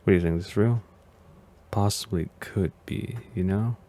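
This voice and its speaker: A man's voice: lowish voice, normal speed, mellow, slight background noise. A man hosting a casual video reaction as a vtuber, talking in a hesitant, rambling way and often sounding unsure.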